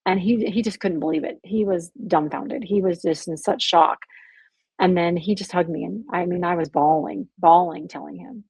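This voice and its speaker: A woman guest on a podcast, telling her personal story in a candid, animated way. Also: lowish voice, moderate pace, creaky, husky, dry recording. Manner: emotional, animated storytelling with laughs and acted quotes. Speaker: podcast guest, abuse survivor.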